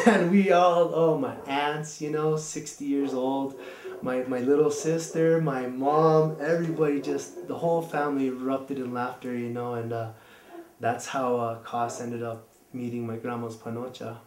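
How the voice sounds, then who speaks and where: A man's voice: medium pitch, flat delivery, moderate pace, darkish tone, roomy sound. A man telling a personal story in a casual, rambling way, full of fillers.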